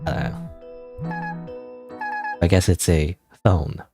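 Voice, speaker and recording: A man's voice: deep voice, fairly even intonation, drawn-out words, gravelly, over music. A young man streaming a story game, casually commenting, reading dialogue aloud and rambling with frequent self-interruptions.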